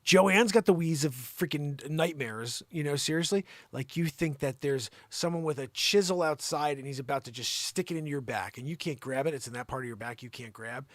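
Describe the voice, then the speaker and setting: A man with a somewhat high voice hosts an unscripted live comedy stream. He teases his co-host with mock exasperation, jumping between loud bursts and low grumbling. The sound is close and dry, with no room in it. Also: a little fast, hardly any pauses, no room sound. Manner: mock-exasperated teasing, swinging between loud outbursts and mutters. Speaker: host of a daily live variety show. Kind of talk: improvised comedy livestream.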